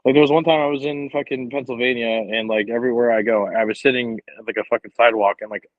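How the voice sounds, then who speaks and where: A man's voice: mid-range voice, steady tone, quick pace, dry recording, narrow, tinny audio. A man co-hosting a podcast, talking loosely and profanely about positivity and good people. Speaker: podcast co-host. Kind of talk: casual podcast chat.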